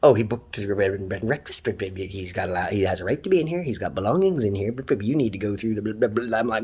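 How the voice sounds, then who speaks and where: A man's voice: lowish voice, expressive, fast, few pauses, darkish tone, breathy edge. A man from Canada, a taxi driver, delivering an angry, profane, heated monologue. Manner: swears constantly, ranting, heated. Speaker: taxi driver ranting online.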